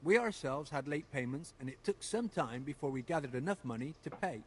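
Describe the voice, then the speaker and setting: A plain-spoken builder in a video game. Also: male voice, fairly high pitch, lively intonation, a little fast, breathy edge. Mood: businesslike. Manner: plain, businesslike answers. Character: man in charge of building supplies, matter-of-fact.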